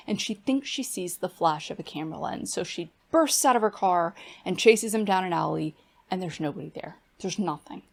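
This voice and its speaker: A woman's voice: mid-range voice, creaky. A woman book reviewer giving a casual, chatty plot recap full of fillers. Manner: chatty, filler-heavy retelling.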